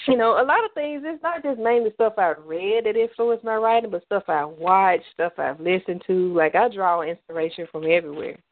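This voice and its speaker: A woman's voice: mid-range voice, brisk, few pauses, no echo. A woman guest on a radio interview, chatting casually with lots of fillers and restarts, from the American South. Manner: rambling, many fillers and restarts. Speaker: author guest. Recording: tinny phone line, dry.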